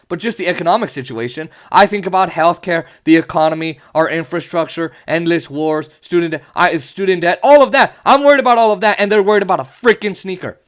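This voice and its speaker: A young man hosting a podcast, ranting in an exasperated, sarcastic way and swearing often. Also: on the high side. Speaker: podcast host. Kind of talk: ranting political commentary.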